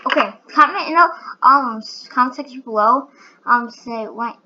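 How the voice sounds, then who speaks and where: A woman giving excitable, giggly commentary over her own gameplay, full of sudden exclamations. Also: fairly high pitch, moderate pace, dull audio, slight background noise. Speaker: gaming channel host.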